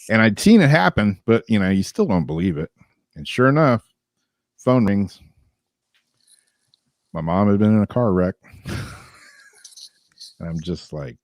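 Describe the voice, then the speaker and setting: A man with a very deep voice chats casually as a show's co-host. His stories ramble along with lots of fillers and laughs. The sound is close and dry. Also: expressive, slow, long pauses, no room sound. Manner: rambling storyteller with many fillers, laughs often. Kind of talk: casual chat.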